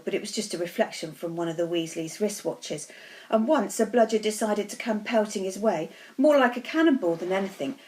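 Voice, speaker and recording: A woman teacher reads a novel aloud to her pupils. Her storytelling is steady and expressive. She sits at the middle of the usual pitch for a woman. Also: poor audio.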